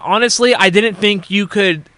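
A man co-hosting a wrestling podcast, recapping a show in a rambling, halting way full of fillers and restarts. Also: high voice, fairly bright tone, no room sound. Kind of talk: casual chat.

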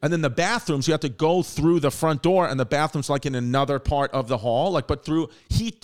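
Rambling, animated male podcast host. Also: a little high, fairly quick. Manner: rambling, animated, swearing, acts out quotes. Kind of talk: casual storytelling.

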